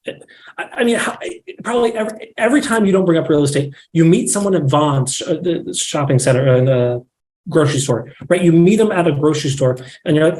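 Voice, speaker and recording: A man's voice: a little high, brisk, poor audio. A man talking candidly as a podcast guest, acting out little bits of dialogue as he makes his points. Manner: candid, animated, acts out quoted dialogue. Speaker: podcast guest, real estate marketing director. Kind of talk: casual podcast conversation.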